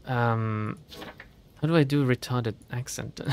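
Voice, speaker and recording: Speaking slowly in a medium-pitched voice over slight background noise, a gaming streamer narrates his horror game playthrough. He chats as he goes, let's play style, and reads item text out loud.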